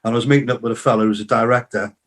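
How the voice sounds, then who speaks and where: A man's voice: medium pitch, racing. An older man, a musician and songwriter, telling rambling stories as a podcast guest, acting out what people said to him. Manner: lively anecdotes full of acted-out quotes; rambling, with many fillers and restarts. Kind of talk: casual interview storytelling.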